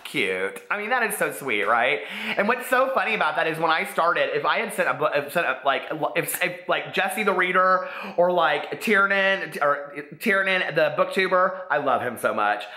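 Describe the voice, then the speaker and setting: A man's voice: a little high, very animated, moderate pace, sharp tone. Gushing, chatty man in echoey room. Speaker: booktube host. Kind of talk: casual book review vlog.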